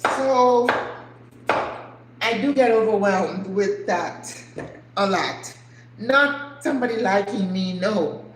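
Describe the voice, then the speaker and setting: Cooking at home, an older female channel host speaks in a mid-range, expressive voice, taking her time and pausing often. Her casual chat is earnest and emotional, full of rhetorical questions, recorded in an echoey kitchen with faint background noise.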